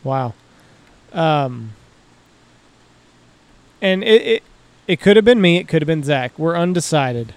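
A man's voice: a little high, expressive, slow, pauses often, no room sound. A man co-hosting a podcast, trading teasing, wry banter in a casual chat. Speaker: podcast co-host.

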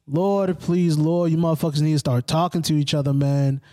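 A man co-hosting a casual podcast, joking and ranting in an animated, preachy way with lots of swearing. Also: a little high, moderate pace. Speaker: podcast co-host. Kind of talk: casual profane podcast chat.

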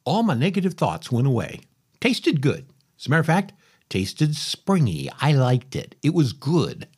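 A man's voice: medium pitch, huge pitch swings, moderate pace, darkish tone, breathy edge. A middle-aged man hosting a podcast, telling a rambling, folksy story in a casual monologue, often interrupting himself. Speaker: podcast host.

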